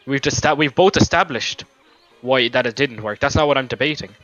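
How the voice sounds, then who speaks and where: A man's voice: medium pitch, a little fast, fairly bright tone. A young man arguing in a gaming voice chat, swearing, rambling and defending his logic. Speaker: gamer in voice chat. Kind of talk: heated voice chat argument. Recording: lo-fi voice chat mic with faint music.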